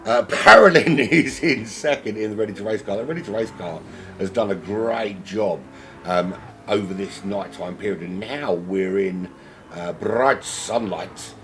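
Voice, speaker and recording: A man's voice: on the low side, unhurried, fairly bright tone, faint music behind. A man from South London with a South London accent, commentating on a sim race from home in a rambling, self-mocking, chatty way.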